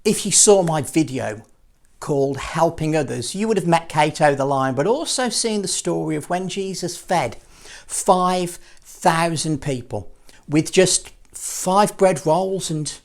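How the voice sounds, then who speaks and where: A man presenting a children's assembly, telling a Bible story in a playful, expressive way with jokey asides. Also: a little high, measured pace, gravelly.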